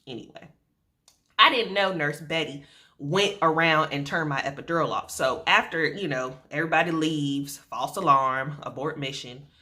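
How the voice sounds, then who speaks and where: Young woman vlogger, animated storyteller, fairly low pitch, bright forceful tone, sarcastic edge. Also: normal speed. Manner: animated, colloquial, sarcastic asides. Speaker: vlogger telling her birth story. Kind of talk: casual storytelling to camera.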